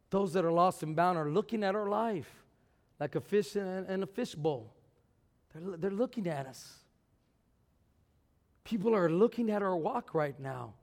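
Preacher guy, really high voice, big swings from shouting to murmuring, stammers and repeats, long church echo. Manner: swings from shouting to low, quiet talk; repeats words, stammers on restarts. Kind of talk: sermon. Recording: long hall reverb.

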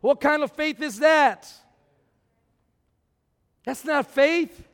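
A man preaching a sermon, swinging from shouted peaks down to low, quiet talk, often repeating words as he restarts. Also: extremely slow. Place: church. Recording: long hall reverb.

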